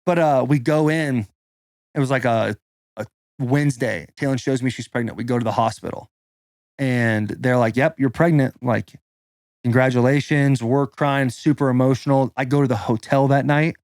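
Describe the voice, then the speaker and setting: A man in his thirties, a podcast host, shares a personal story in a medium-pitched, darkish voice, casual and profane and full of "like." The studio-quality audio has no room sound.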